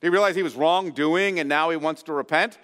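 A man preaching an expository sermon as pastor, earnest and explanatory, often pausing to restate a phrase. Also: a little high, fairly bright tone, clear, resonant tone, long reverb tail. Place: church sanctuary.

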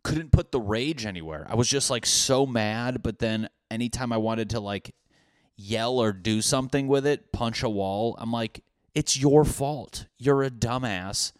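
A man's voice: medium pitch, moderate pace, clear, resonant tone, no echo, studio quality. A young man hosting a podcast in a loose comedic monologue, rambling, swearing freely and laughing at his own jokes. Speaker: podcast host.

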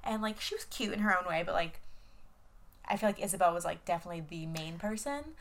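With a fairly low pitch, a quick pace and a fairly bright tone, this young adult co-host chats casually on a podcast. Her recap rambles along, peppered with fillers and playful curses.

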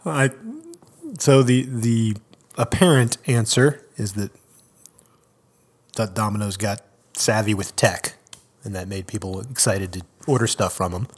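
A man's voice: on the low side, a little slow, pauses often, husky. A man co-hosting a podcast in casual chat, playful and mock-earnest. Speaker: podcast co-host.

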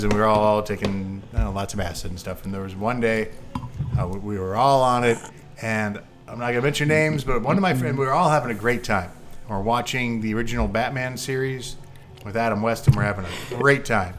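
A man's voice: medium pitch, fairly quick, fairly bright tone, soft background music. A man hosting a casual podcast, reading listener questions aloud and telling a story in an easygoing way. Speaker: podcast host.

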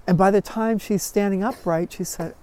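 A man teaching a Bible class, telling stories in a folksy, animated way with frequent chuckles. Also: sits high, normal speed, clear, resonant tone. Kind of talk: storytelling Bible lesson.

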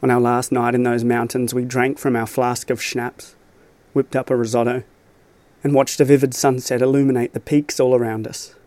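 Man calmly reading a reflective essay. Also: medium pitch, no room sound. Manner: reflective, measured. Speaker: storyteller. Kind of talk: scripted narration of a personal essay.

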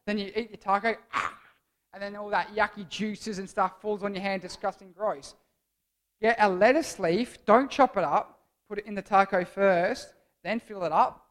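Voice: mid-range voice, fairly even intonation, normal speed. A young adult giving a casual, jokey youth sermon as a church speaker, rambling and playful.

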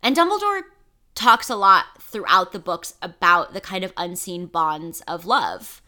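A woman co-hosting a podcast in casual chat, talking fast and loosely with lots of fillers. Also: fairly low pitch, lively intonation, bright, forceful tone. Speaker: podcast host.

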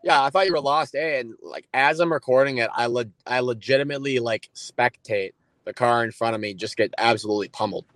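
A man co-hosting a podcast, speaking bluntly and deliberately in casual chat. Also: mid-range voice, fairly bright tone, no echo, rough recording. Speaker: podcast co-host.

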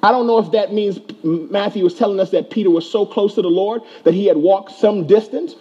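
A man's voice: high voice, fairly quick, mellow, breathy edge, lo-fi sound. A man preaching a sermon to a congregation, asking rhetorical questions and repeating key words for emphasis. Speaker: pastor.

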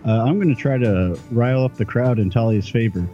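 A man playing a tabletop game, cheering excitedly. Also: mid-range voice, brisk, lo-fi sound, faint music behind. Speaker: player. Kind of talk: casual tabletop play.

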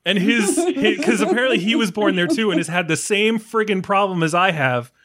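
Animated, lively podcast co-host man. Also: high voice, a little fast. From New York. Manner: animated storyteller, acts out quoted dialogue. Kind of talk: casual chat.

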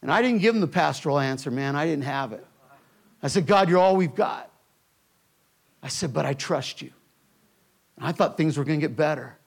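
A man preaching a sermon to a church, telling a personal story with emphatic delivery that drops to a hush in tender moments. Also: fairly high pitch, animated, moderate pace, vocal fry, pauses often. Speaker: pastor.

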